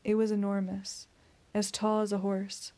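A woman narrating a first-person audiobook in a steady, tense storytelling voice. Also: mid-range voice, measured pace.

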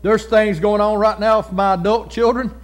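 A middle-aged male pastor preaching a sermon, folksy and down to earth, building into loud, fervent passages. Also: sits high, steady tone, moderate pace.

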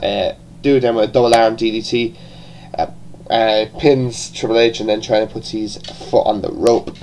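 A man's voice: lowish voice, level tone, moderate pace, darkish tone, a little hiss or hum, low-quality recording. A man with an Irish accent giving a casual, rambling review, full of restarts and the odd swear word. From born in England, raised partly in Ireland. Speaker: wrestling show reviewer.

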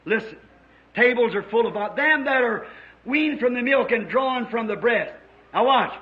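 A middle-aged man preaching a fervent, folksy revival sermon to a church congregation, his voice rising to shouts. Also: very high voice, animated, unhurried. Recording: muffled 1950s tape recording.

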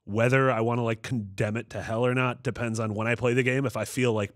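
A man's voice: medium pitch, fairly even intonation, fast, few pauses, dry recording, studio quality. A man co-hosting a casual gaming podcast who gives blunt, opinionated takes. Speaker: podcast co-host. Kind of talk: casual panel chat.

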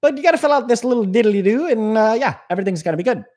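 A man's voice: high-pitched, expressive, very fast, darkish tone, voice pushed up. A man voicing a jokey, folksy male Uncle Sam as a government spokesman. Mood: goofy. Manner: goofy, folksy, hand-waving.

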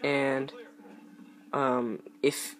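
A man's voice: mid-range voice, little pitch movement, drawn-out words, a bit bright, rough recording. A young man giving rambling, hesitant live commentary while playing a shooter game, with game noise behind him. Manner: rambling, hesitant, many ums. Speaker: gaming YouTuber.

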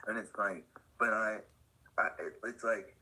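A man's voice: lowish voice, unhurried, bright, forceful tone, breathy edge, low-quality recording. An older man, a skateboard company owner and podcast guest, telling rambling stories in casual conversation with lots of fillers. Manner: rambling, loose and anecdotal with many fillers.

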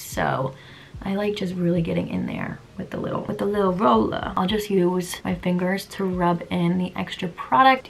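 A young woman chatting casually through a makeup tutorial, playful and quick to laugh at her own mispronunciations. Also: fairly low pitch, vocal fry, slightly rough. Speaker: beauty vlogger.

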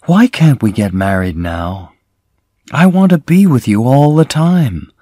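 A man's voice: big pitch swings, unhurried, warm tone, no echo. A man voicing a worried young woman, raising his voice to plead with her lover. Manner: raised pitch, earnest and emotional.

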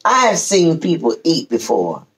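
Her voice is low-pitched and the recording low-quality: an older woman appearing as a guest to tell a family story. Casual and lively, she draws the telling out and acts the parts of the relatives she quotes.

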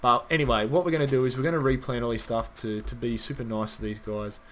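A gaming channel host with a mid-range, fairly bright voice talks quickly and steadily over slight background noise. He rambles casually through gameplay commentary, swearing now and then and chatting directly to his viewers.

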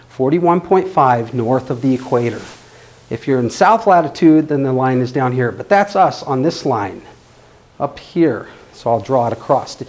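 A man's voice: medium pitch, a little mellow. A man giving a live lecture with drawings to an astronomy club. He is playful and keeps checking in with his listeners. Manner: playful, often checks in with the audience. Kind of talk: live classroom-style lecture.

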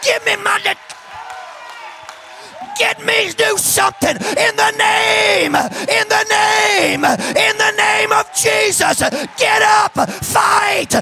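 A young man preaching a hyper, emotional Pentecostal sermon in a church, fast-talking and shouting out his lines. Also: extremely high pitch, gravelly. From St. Louis. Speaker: guest preacher. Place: church sanctuary.

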